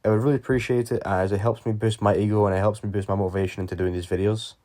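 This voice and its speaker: A man's voice: fairly low pitch, steady tone, rapid-fire, dark tone. A young man telling a story time video in a casual, rambling way, full of fillers and swearing. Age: young adult. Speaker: YouTuber.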